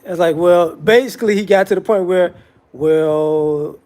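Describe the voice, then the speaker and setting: A man's voice: high voice, a little slow, darkish tone. A man giving a casual, rambling commentary monologue with frequent restarts and repetitions.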